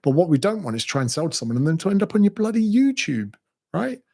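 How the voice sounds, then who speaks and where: A man's voice: fairly high pitch, very animated, quick pace, gravelly, warm tone. Blunt, sweary man coaching business. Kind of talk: direct-to-camera business advice.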